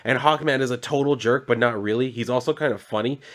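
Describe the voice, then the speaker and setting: A man voicing an excited young boy sidekick in a comic recap, rattling off one thing after another. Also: medium pitch, quick pace, close to an everyday voice. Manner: breathless run-on rush of words.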